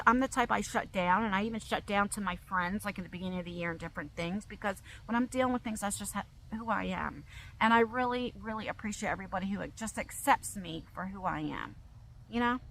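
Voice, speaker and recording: Middle-aged woman with a bright voice, speaking openly and emotionally to her subscribers, stumbling over her words. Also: mid-range voice, slight background noise, low-quality recording. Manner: open, emotional, rambling with restarts. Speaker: vlogger. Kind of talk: emotional personal vlog.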